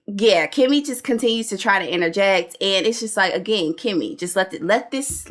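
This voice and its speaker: A woman co-hosting a show-review chat, blunt and animated, with plenty of slang and cursing. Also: mid-range voice, moderate pace, hardly any pauses. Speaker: podcast co-host reviewing a reality show. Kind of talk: casual opinionated chat.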